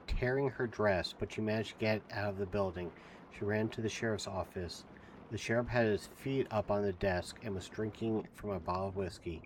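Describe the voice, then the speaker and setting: A man streaming himself reading a novel aloud, speaking softly to his chat. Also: low voice, steady tone, moderate pace, slight background noise. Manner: softly spoken.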